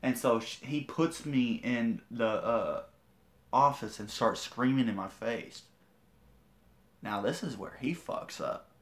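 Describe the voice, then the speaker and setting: A man with a drawl rants defiantly into his livestream, cursing freely as he retells a confrontation. His voice sits at an ordinary middle pitch for a man. The delivery is brash and boastful. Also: takes it slowly, fairly bright tone. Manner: profane, defiant storytelling. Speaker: vlogger. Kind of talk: livestream rant.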